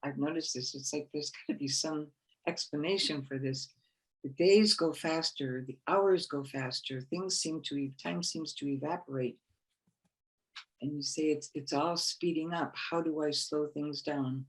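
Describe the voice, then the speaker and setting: Gravelly-voiced woman giving a gentle spiritual talk. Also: sits low, measured pace, rough recording. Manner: gentle, encouraging, repeats phrases for emphasis. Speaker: conference speaker.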